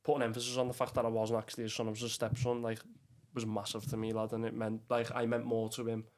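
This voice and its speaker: A man's voice: mid-range voice, monotone, fast, darkish tone. A young man with a Liverpool Scouse accent, talking as a podcast guest in a rambling, casual way with lots of fillers and swearing. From England. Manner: rambling, heavy with fillers and swearing, says "lad" often. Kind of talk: casual chat.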